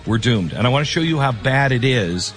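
A man's voice: mid-range voice, expressive, a little fast, soft background music. Rambling talk radio host, man. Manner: conversational, rambling, self-interrupting. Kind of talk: talk radio monologue with live ad read.

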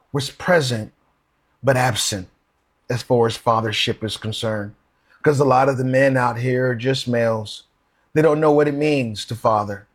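Man, preacher, husky voice, mid pitch, earnest sermon, rhetorical questions. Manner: slows down to read scripture aloud. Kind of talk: sermon with scripture readings.

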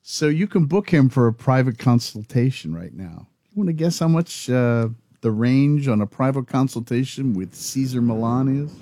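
Lively, warm-voiced man co-host. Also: medium pitch, normal speed, few pauses, no echo, clean studio sound. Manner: conversational, reads facts aloud. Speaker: podcast co-host. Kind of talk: casual chat.

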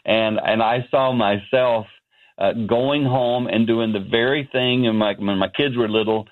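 A man's voice: medium pitch, fairly even intonation, unhurried. Fifties guy calling in from his office, earnest storyteller, thin phone sound. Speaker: guest, ministry founder. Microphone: phone line. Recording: tinny phone line.

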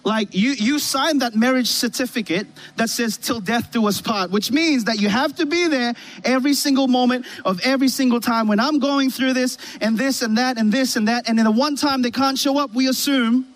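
A man preaching a sermon on a church stage with a band, telling a story in an animated way and often restarting his sentences. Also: very high voice, normal speed, hardly any pauses.

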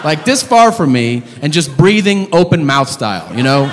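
A man performing a stand-up comedy set, telling a story loudly and incredulously and shouting out the lines he acts out, on a club stage with the audience laughing. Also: a little high, big pitch swings, a little fast, few pauses. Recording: reverberant live venue with crowd noise.

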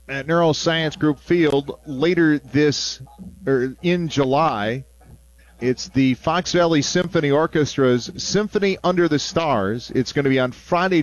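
A man calling a baseball game on the radio, mixing play-by-play with relaxed, chatty asides between pitches. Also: a little slow. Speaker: play-by-play announcer.

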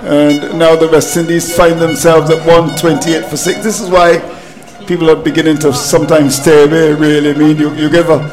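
A man's voice: on the high side, flat delivery, normal speed, over music, poor audio. A man commentating cricket on radio, exasperated at his team's collapse and repeating phrases for emphasis.

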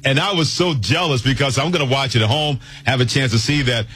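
A man's voice: medium pitch, a little fast, fairly bright tone, husky. A man hosting a sports talk radio show, speaking emphatically and teasing his co-hosts.

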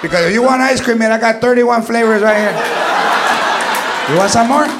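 A man's voice: extremely high pitch, brisk, very noisy, pitched above the performer's own voice. A man impersonating a strict, threatening Mexican mother who scolds her son, mixing in Spanish words, in a stand-up set. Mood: mocking scolding. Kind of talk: stand-up impression. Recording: live club with loud crowd. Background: loud audience laughter.

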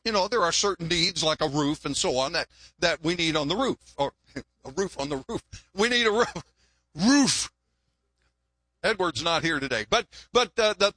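A man's voice: high-pitched, bright, forceful tone, no echo. An older man, a longtime pastor, preaching a folksy, joking sermon and often repeating words.

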